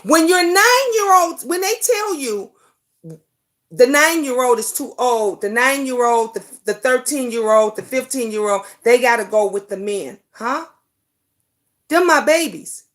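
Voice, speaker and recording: Woman host, high voice, impassioned casual talk, repeated rhetorical questions, blunt swearing. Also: animated, a little slow, a bit bright. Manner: addresses viewers by name.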